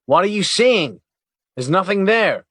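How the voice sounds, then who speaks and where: A man's voice: very animated, normal speed, sharp tone, no room sound, studio quality, exaggerated voice. A man voicing a whiny hot-headed agent. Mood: frustrated. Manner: high-strung, indignant and complaining.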